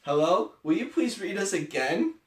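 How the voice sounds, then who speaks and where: A woman voicing a worried, excitable male elephant while reading a children's picture book aloud, with anxious, rising exclamations. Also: fairly low pitch, moderate pace, voice pushed up, natural voice. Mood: hopeful. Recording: echoey room, distant mic, faint noise.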